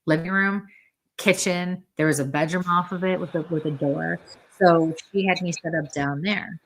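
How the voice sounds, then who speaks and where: A woman's voice: on the low side, fairly even intonation, moderate pace, slight background noise. A woman, a medium and podcast guest, tells a story in a chatty way, acting out the lines people said. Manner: chatty, acts out quoted dialogue. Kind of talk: casual storytelling in a podcast interview.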